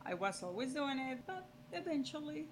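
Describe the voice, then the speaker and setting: Mom on a podcast, bright highish voice, faint hiss behind her. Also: moderate pace. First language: Spanish. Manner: laughing, repeats words, animated. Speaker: podcast guest, host's mother. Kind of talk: casual chat.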